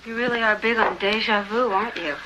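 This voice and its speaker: An actress playing a wry, teasing grown daughter in a 1980s TV movie. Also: female voice, on the high side, steady tone, fast, background noise, close to an everyday voice.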